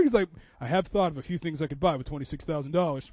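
A man's voice: fairly high pitch, fast talker, few pauses, darkish tone, husky, no echo, lo-fi sound. A man preaching a sermon in a church, telling a story in a conversational way that builds to impassioned preaching. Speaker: pastor.

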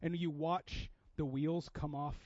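A man from Seattle with a notably high voice preaches a sermon in a talky, personal way. He restarts often and swings between loud emphasis and quiet asides. The sound is dry and somewhat dull, like a lo-fi recording. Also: fairly even intonation, unhurried, dry recording. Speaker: pastor.

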